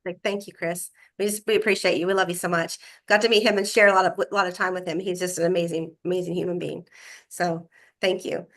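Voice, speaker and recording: A woman's voice: lowish voice, flat delivery, quick pace. A woman hosting a group video call, gushing with praise for members. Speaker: host of the call. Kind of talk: casual chat.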